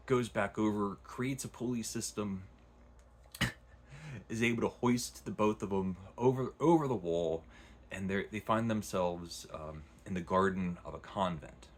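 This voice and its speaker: A man casually retelling and reviewing a long novel, rambling with frequent restarts. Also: on the low side. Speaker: book reviewer. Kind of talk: casual book review vlog.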